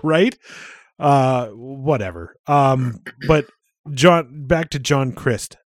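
A man's voice: medium pitch, very slow, dry recording, studio quality. A man co-hosting a podcast in casual chat, swearing freely and laughing often. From Canada. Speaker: podcast co-host.

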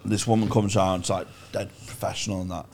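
A man's voice: sits low, little pitch movement, fast, vocal fry, darkish tone. A young man telling a sweary, self-mocking story as a podcast co-host, laughing often. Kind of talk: casual storytelling chat.

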